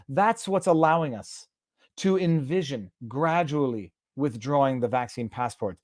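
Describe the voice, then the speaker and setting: A man's voice: fairly high pitch, expressive, moderate pace, darkish tone, no echo. Sarcastic man, dry mic. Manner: sarcastic, reads text aloud and translates on the fly. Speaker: host. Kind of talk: casual live-stream commentary.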